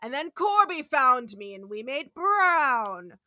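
A woman's voice: sits high, big pitch swings, takes it slowly, pushed and bright, no echo, exaggerated voice. A woman voicing a hulking male android servant while recapping a story, keeping close to her own voice and speaking in a matter-of-fact way.

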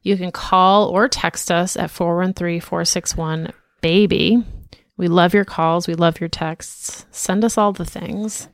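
A woman's voice: lowish voice, steady tone, measured pace, no echo, clean studio sound. A woman co-hosting a podcast, chatting in a friendly, easygoing way and reading listener emails aloud. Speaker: podcast co-host.

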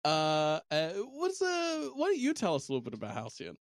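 Playful, lively New man. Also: fairly high pitch, brisk, dry recording, clean studio sound. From New Zealand. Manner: playful, laughing, teasing. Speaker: podcast co-host and game master. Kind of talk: casual chat.

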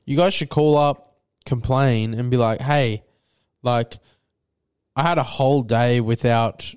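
A man's voice: mid-range voice, steady tone, unhurried, a little mellow, smooth, dry recording, studio quality. A young adult man with an Australian accent, co-hosting a casual podcast chat in a laid-back, swearing, filler-heavy way. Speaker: podcast co-host.

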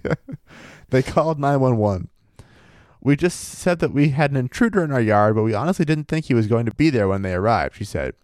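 A man with a medium-pitched, animated voice and a darkish tone talks fairly fast, recorded dry at studio quality. He co-hosts a laid-back podcast, reading a paranormal story aloud in between profane jokes and frequent laughs.

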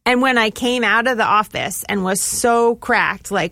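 A woman's voice: mid-range voice, measured pace, few pauses, a bit bright, no echo. A woman who co-owns a vegan diner, chatting casually and telling a story full of "like" and acted-out quotes. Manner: chatty, fills with "like" and quoted asides. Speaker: chef and diner co-owner.

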